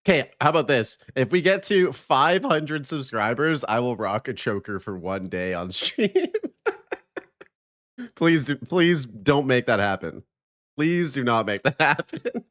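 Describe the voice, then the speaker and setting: A man's voice: mid-range voice, expressive, takes it slowly, a bit bright. A man hosting a live stream, chatting casually, greeting viewers and joking.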